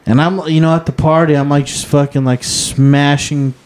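Male podcast co-host, slightly high voice, rambling profane storyteller, faint hiss behind. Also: fairly even intonation, normal speed, darkish tone. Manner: rambling, swears constantly, says "dude". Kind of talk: casual storytelling chat.

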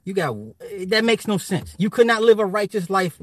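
A man's voice: sits high, moderate pace, a bit bright, dry recording. A man ranting casually to his viewers, profane and rambling, laughing often. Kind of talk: casual rant.

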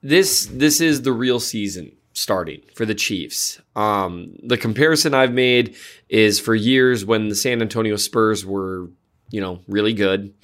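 Speaking a bit slowly, this middle-aged co-host of a casual sports podcast is animated throughout. When he makes a point, his voice jumps up in pitch.

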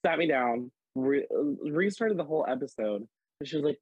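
A man guest on a podcast, chatting casually and telling animated stories full of "like"s. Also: on the high side, fairly quick, slightly rough, no room sound, dull audio. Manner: animated, filler-heavy storytelling with many "like"s. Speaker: podcast guest, drag performer. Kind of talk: casual storytelling chat.

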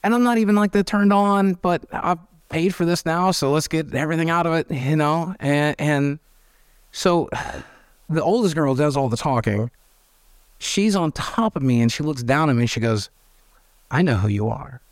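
A man, telling candid stories as an interview guest, animated and swearing freely as he acts out quoted voices. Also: on the high side, moderate pace, smooth, no echo, studio quality. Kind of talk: candid storytelling.

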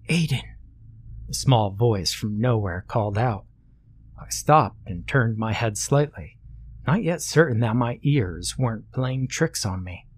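A man's voice: medium pitch, a little mellow. A man reading a horror story aloud in a conversational way, dropping in casual asides.

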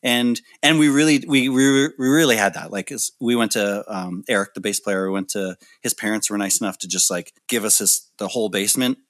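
A man in his thirties, a musician telling stories in a casual interview, lively and acting out the people he quotes. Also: fairly low pitch, fairly quick, hardly any pauses, no echo. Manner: animated storyteller, acts out quoted voices. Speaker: musician guest.

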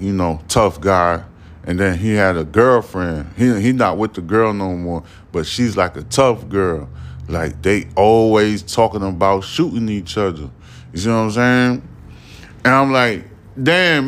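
A man in his forties hosting a podcast, telling stories in a casual monologue full of profane street slang and asides. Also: deep voice. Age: 40s. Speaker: podcast host.

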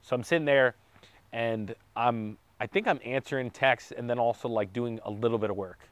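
A man's voice: medium pitch, moderate pace, no echo. A man casually telling a long, rambling personal story with jokes and self-corrections on a podcast. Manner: rambling, self-correcting, joking, with light laughs. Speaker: podcast co-host telling his daughter's birth story.

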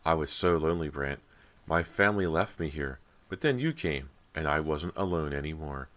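A man's voice: very deep voice, animated, moderate pace, fairly bright tone. A man voicing a cruel, lonely ghost girl in a horror audiobook, cold and menacing.

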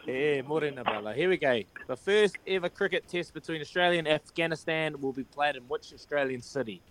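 A man's voice: fairly high pitch, fairly quick, fairly bright tone. A man hosting a breakfast radio quiz, cheery and matey as he counts down the answers.

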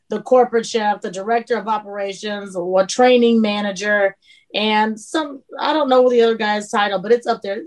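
Animated woman telling kitchen stories. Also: on the high side. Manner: animated storyteller, acts out quotes. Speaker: chef and podcast guest. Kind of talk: casual chat.

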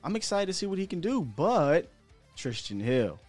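A man's voice: on the high side, sing-song, normal speed, a little mellow, faint music behind. An American man hosting a sports podcast, talking in a chatty, candid way with slang and the odd chuckle. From United States. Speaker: podcast host. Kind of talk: casual sports talk commentary.

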